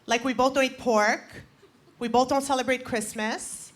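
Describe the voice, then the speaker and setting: A woman's voice: sits high, fairly even intonation, moderate pace. A woman in her twenties performing stand-up comedy with punchy, playful crowd work on a live stage. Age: 20s. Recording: live stage mic over loud crowd noise.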